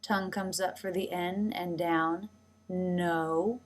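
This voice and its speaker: A woman's voice: on the low side, fairly even intonation, measured pace. A woman narrating a pronunciation lesson, speaking carefully and demonstrating each sound. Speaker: pronunciation teacher. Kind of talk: scripted instructional narration.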